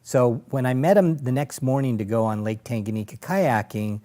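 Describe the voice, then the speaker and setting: A man's voice: medium pitch, moderate pace. A middle-aged man, a former lawyer turned safari operator, telling stories as an interview guest, acting out voices and laughing as he goes. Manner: animated storyteller, acts out voices and laughs. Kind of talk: anecdotal storytelling in conversation.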